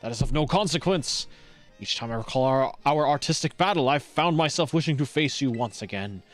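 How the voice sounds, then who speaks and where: A man's voice: medium pitch, animated, brisk, faint music behind, close to an everyday voice. A man voicing a pompous, flamboyant male artist gym leader with a put-on French accent, speaking in a grandiose, formal way.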